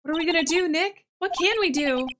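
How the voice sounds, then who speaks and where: A woman doing an excitable, squeaky teen girl sidekick. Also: fairly quick, background noise. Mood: worried. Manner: eager, high and loud. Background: game music.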